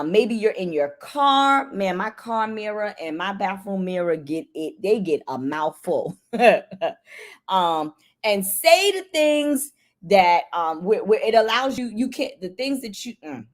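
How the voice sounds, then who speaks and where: A woman talks to caretakers about self-care in a casual, motivational way, her pitch swinging up and down as she goes. She is chatty and emphatic and sits mid-range in pitch. She leans on rhetorical questions and repeats words to drive her points home.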